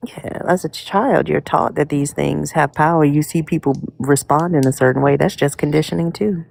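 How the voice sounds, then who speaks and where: A woman's voice: deep voice, fairly even intonation, moderate pace, gravelly, darkish tone, no echo. A woman co-hosting a casual chat in a blunt, skeptical way, swearing freely.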